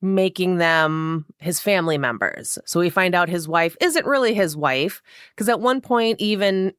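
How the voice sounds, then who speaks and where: A woman with a lowish, clear voice recaps a horror novel in a loose, chatty way. She swears freely and drops into quoted lines with wry asides. The sound is dry and close. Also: lively intonation, a little slow, a bit bright, no room sound. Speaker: book vlogger. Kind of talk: casual book recap.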